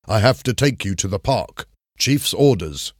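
A man's voice: lowish voice, lively intonation, measured pace, dry recording, studio quality. A man voicing a firm policeman who hurries two children along. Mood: urgent. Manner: urgent, firm.

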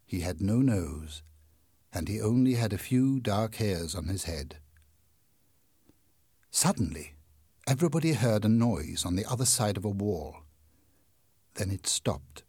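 A man reading a novel aloud as an audiobook narrator, in measured, clear storytelling. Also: on the low side, animated, darkish tone, no echo, clean studio sound. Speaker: audiobook reader. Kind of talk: scripted narration.

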